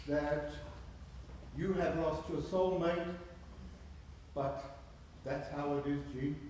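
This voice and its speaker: A man's voice: fairly high pitch, a little mellow, slight background noise. A man giving a heartfelt tribute to a departed friend at a memorial service. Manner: slow and heartfelt. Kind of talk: eulogy. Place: church. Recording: echoey church from far off.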